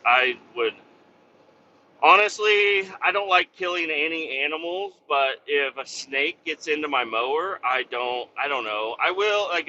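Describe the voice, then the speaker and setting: Host, male, sharp bright voice, swears and rambles, slightly muffled lo-fi recording. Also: fairly high pitch, slight background noise. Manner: profane, rambling, full of fillers. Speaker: podcast host. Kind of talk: casual rambling monologue.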